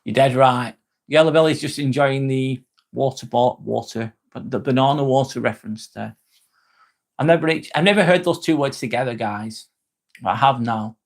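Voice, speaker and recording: A man hosts a relaxed live stream, reading out viewer comments one after another and answering each one. His talk is loose and jokey, with casual swearing, in a voice of ordinary middle pitch. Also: moderate pace. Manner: reads viewer comments aloud and replies, joking and swearing freely.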